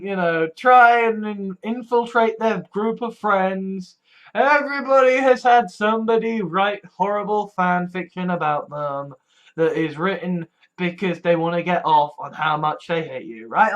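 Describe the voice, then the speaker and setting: Slow, lively-pitched blunt weary vlogger. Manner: blunt and profane, with frequent sighs and trailing restarts; swings between weary mutters and mocking shouted quotes. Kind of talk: candid personal monologue.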